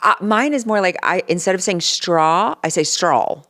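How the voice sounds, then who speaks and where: Woman, 40s, light US Southern twang, co-host, casual chat, animated, lively pitch, swears freely. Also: normal speed. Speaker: podcast co-host.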